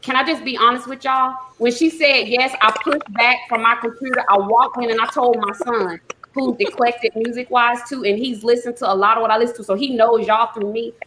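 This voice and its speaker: A woman, hosting a live talk show, emotional and quick to laugh. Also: on the high side, fairly even intonation. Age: 40s. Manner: effusive, emotional, laughing often. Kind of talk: casual live chat. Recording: noisy live stream audio.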